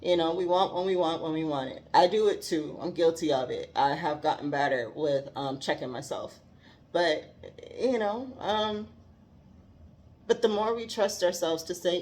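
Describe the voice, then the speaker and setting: A woman's voice: fairly low pitch, moderate pace, a little mellow, a little hiss or hum. A woman talking earnestly about faith and growth, heartfelt and given to laughing. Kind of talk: reflective faith talk.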